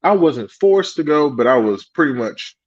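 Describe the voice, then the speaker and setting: A man's voice: fairly high pitch, normal speed, dry recording. A man chats on a podcast, his voice swinging widely as he tells stories and jokes about himself. The sound is dry and close, with a slightly dull, lo-fi tone. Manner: animated storytelling, swearing, laughing at himself. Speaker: podcast co-host. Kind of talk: casual podcast chat.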